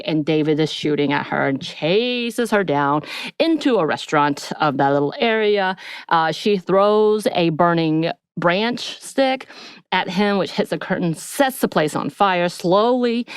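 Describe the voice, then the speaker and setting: A woman's voice: lowish voice, clear, resonant tone, no room sound, clean studio sound. A woman co-hosting a podcast, casually recapping a TV episode in a rambling, storytelling way with filler words. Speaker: podcast co-host.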